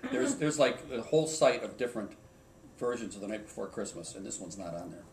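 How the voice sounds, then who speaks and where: A middle-aged man telling his family an old Christmas story in a relaxed, rambling, self-deprecating way. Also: lowish voice, fairly quick, a little hiss or hum. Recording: roomy home recording from a distance.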